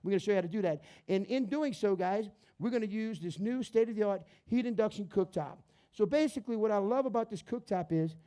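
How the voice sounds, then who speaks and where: A man with a high-pitched, warm voice hosts a cooking demonstration as a chef on a cooking show. He's upbeat and chatty, calling his audience "guys" and "baby," and he comes from the New Orleans area of Louisiana.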